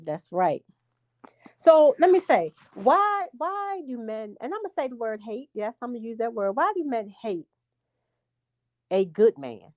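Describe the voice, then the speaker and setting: A woman's voice: on the high side, sing-song, measured pace, dry recording, studio quality. Emphatic woman co-hosting a podcast. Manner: emphatic, explains with repeated words. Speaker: podcast co-host. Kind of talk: casual chat.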